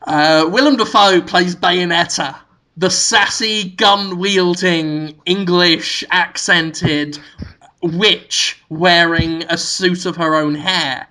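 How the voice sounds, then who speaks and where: Bright-voiced giggly male podcast host. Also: high voice, fairly even intonation, slow pace, low-quality recording. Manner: giggly, absurd storytelling with sudden shouted bits. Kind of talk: comedic podcast riffing.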